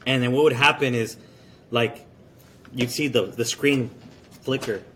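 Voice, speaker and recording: A man's voice: medium pitch, fairly even intonation, measured pace, fairly bright tone, a little hiss or hum. A man co-hosting a casual podcast, telling loose stories full of fillers. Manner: rambling storyteller, many fillers. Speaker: podcast co-host. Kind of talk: casual chat.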